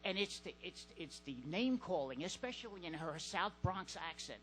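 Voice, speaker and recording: Stand-up comic, male, high and bright, deadpan with halting fillers, on a club stage. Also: soft background music, rough recording. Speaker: stand-up comedian. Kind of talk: stand-up set.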